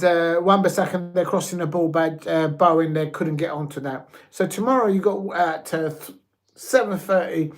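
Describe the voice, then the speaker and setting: Excitable rambling football fan host. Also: male voice, fairly high pitch. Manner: excitable, rambling, stumbling over words. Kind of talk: live watch-along commentary and predictions.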